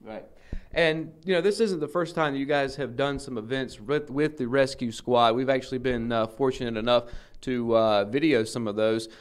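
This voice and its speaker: Smooth-voiced news host. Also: male voice, mid-range voice, moderate pace. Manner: friendly, conversational questions with many "uh"s. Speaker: host of a local news show. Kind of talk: TV interview.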